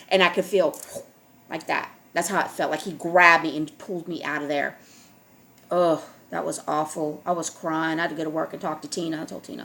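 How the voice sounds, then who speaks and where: A woman's voice: low voice, fairly even intonation, moderate pace, vocal fry, fairly bright tone. A woman vlogger speaking in an emphatic, repetitive monologue to her viewers, often checking in with "all right?".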